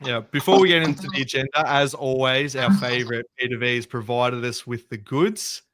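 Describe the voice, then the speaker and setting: A man's voice: mid-range voice, fairly quick, fairly bright tone, a little hiss or hum. An Australian man hosting a casual sports podcast, joking and steering the agenda. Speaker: podcast host.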